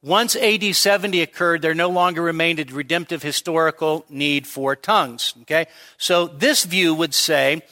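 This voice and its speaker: Guy pastor teaching a midweek sermon, bright forceful voice, keeps asking "all right?". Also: fairly high pitch. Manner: explanatory, checks in with the congregation often.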